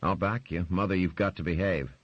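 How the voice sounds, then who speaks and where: A man's voice: low voice, brisk, slightly rough, pitched above the performer's own voice. A man voicing a blunt, terse young adult son, in a dry, slightly muffled recording.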